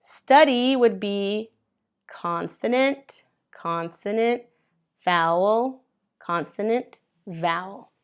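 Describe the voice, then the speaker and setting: A woman's voice: medium pitch, drawn-out words, smooth. A woman teaching English grammar to learners, patiently spelling out letters and sounds one by one. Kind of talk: slow classroom grammar explanation.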